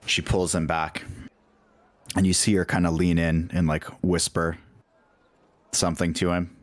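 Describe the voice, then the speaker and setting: Slow, deep-voiced dungeon master. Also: male voice, a bit bright, no echo. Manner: loose, filler-heavy narration. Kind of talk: narrating a tabletop game.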